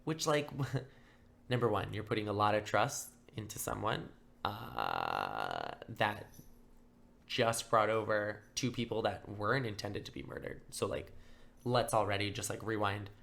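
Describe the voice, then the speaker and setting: Gravelly young man telling a crime story. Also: on the low side, unhurried. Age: young adult. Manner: casual, filler-heavy, acts out quotes in flat mock voices. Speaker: podcast host. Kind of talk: casual true-crime storytelling.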